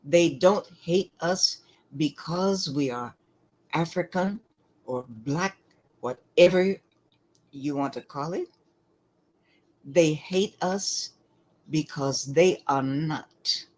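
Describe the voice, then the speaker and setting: Slow, deliberate woman lecturing. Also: low voice, a little mellow, low-quality recording. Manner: deliberate, emphatic, asks rhetorical questions. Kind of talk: lecture-style commentary.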